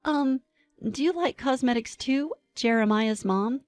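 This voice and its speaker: A meek, easily flustered young mother apologizes in a high, breathless little voice, far above the narrator's own pitch, as a woman reader puts her on. Faint music plays under the story narration. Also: a little slow, a little mellow. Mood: shy.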